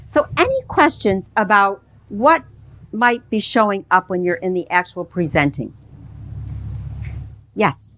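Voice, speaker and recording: A woman's voice: mid-range voice, very animated, a little slow, long pauses, a bit bright. A middle-aged woman presenting a live workshop on public speaking, teaching conversationally and asking the audience rhetorical questions. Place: conference room with a live audience.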